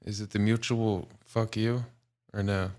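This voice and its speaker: A man's voice: lowish voice, little pitch movement, measured pace, a little mellow. A man co-hosting a casual podcast, mostly chiming in with short questions and agreement. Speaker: podcast co-host.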